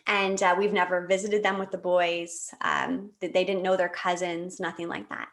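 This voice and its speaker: A woman from Canada, in her late thirties, shares a personal story while appearing as a podcast guest, speaking with emotion and animation and frequently using fillers and starting over. She talks at a normal speed in a lowish voice.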